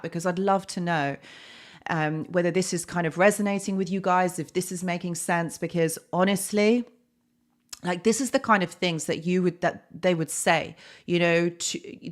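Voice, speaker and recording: A woman hosting a live stream, talking casually to her chat, with many fillers and tag questions. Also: fairly low pitch.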